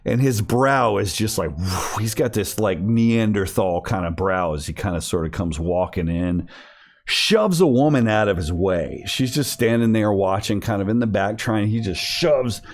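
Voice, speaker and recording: A man's voice: fairly low pitch, moderate pace. A man running a tabletop game over an online call, narrating casually with many fillers and restarts. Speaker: game master.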